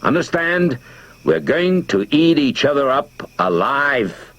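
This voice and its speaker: A man voicing an angry, defiant neighbor who lectures and shouts at a crowd in an audiobook. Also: medium pitch, big pitch swings, slow pace, no room sound, voice pushed up.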